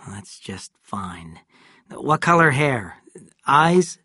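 A man's voice: medium pitch, very animated, drawn-out words, bright, forceful tone, slightly rough, no room sound, clean studio sound, full character voice. A man reading as a stern deputy sheriff. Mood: stern, pressing. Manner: firm, pressing questions.

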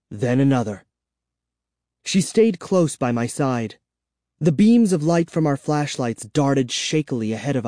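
Male narrator, unhurried and lively in pitch, storybook reading. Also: no echo, studio quality. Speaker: audiobook narrator. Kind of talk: scripted first-person narration.

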